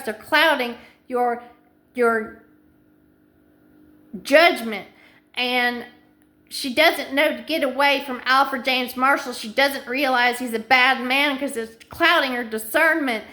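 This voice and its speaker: A woman's voice: a little high, bright, forceful tone. A middle-aged woman in a rambling monologue to camera, stringing long chains of clauses together in an anxious, insistent way. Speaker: vlogger.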